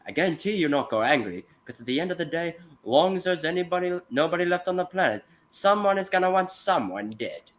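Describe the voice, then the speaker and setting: A voice chat participant putting on a put-on Australian accent to imitate a dry, grim sniper man, talking in a slow, low drawl. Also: lively intonation, close to an everyday voice. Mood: deadpan.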